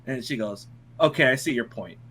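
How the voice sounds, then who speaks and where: A man's voice: mid-range voice, lively intonation, a little fast, a bit bright, slight background noise. A young man casually telling funny stories to friends, laughing often and swearing freely. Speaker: podcast co-host. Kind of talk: casual storytelling among friends.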